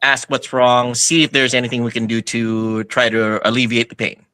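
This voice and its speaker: Man, tabletop player, polite manner, bright tone, dry close sound. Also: medium pitch, little pitch movement, normal speed, no echo, low-quality recording. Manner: polite, mild in-character speech with frequent laughs. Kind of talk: tabletop role-play. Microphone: online stream call.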